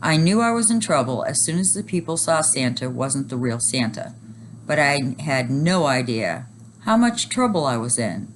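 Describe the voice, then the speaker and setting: A woman teacher reading a children's chapter book aloud, animated and expressive. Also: rumbling low, normal speed, slight background noise.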